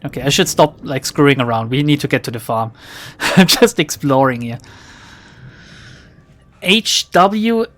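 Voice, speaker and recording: Brief: streamer, rambly and giggly, lively swinging pitch. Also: measured pace, long pauses. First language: German. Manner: rambling, laughing, tangential. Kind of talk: casual let's play chat.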